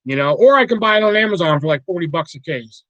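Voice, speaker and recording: A man chatting on a casual livestream in a rambling way that is full of profanity and quick to get riled up. His voice sits a bit high for a man, and the sound is dry and close, with no room echo. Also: expressive, fairly bright tone, muffled recording. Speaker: livestream host.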